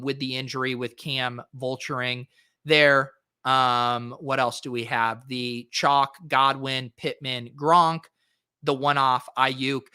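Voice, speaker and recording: A man hosts a fantasy sports podcast, reviewing lineups in a chatty, casual manner full of fillers and quick asides. His medium-pitched voice sounds pushed, bright and clean, captured in a dry, studio-quality recording.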